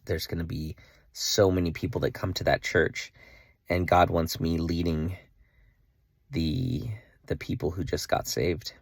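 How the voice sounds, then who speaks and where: A man's voice: low voice, gravelly, no echo, studio quality. A young man earnestly telling a personal faith story in a casual vlog, with lots of "like" and restarts. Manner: earnest, emotional, full of "like" and restarts. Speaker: vlogger.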